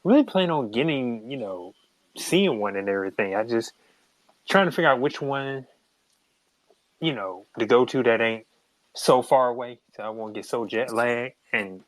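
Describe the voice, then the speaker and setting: A man's voice: medium pitch, lively intonation, normal speed, dry recording, low-quality recording. A man from Atlanta, chatting casually as a guest, laid-back with slang. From Atlanta, USA. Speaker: listener guest. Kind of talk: casual chat.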